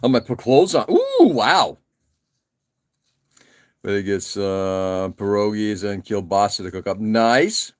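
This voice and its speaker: A clear, resonant, lowish voice belongs to a man in his forties who hosts a model-kit live stream, talking at normal speed with hardly any pauses. He chats while he works, relaxed and rambling, with frequent uh fillers and self-deprecating asides.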